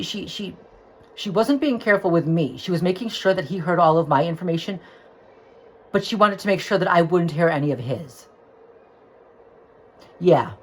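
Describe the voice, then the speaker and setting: A woman's voice: fairly low pitch, husky, poor audio. A woman telling a personal story into her phone, agitated and rambling, with restarts and swearing. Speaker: vlogger.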